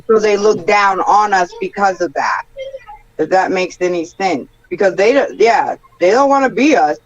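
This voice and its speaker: A man's voice: high-pitched, expressive, moderate pace, dull audio. A man from the Midwest of the United States on a casual panel, reflecting thoughtfully and hedging his opinions.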